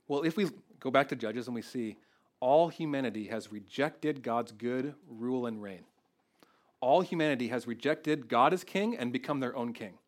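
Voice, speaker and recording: A pastor preaches with earnest, conversational sincerity, frequently restarting his phrases and becoming emotional. He is a man with a mid-range voice that has a slightly bright edge.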